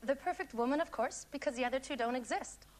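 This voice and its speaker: A woman's voice: sits high, quick pace. A woman from Canada with a Canadian accent, a friendly game show contestant who tells a joke with confident timing. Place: TV studio. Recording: noisy 1990s TV broadcast.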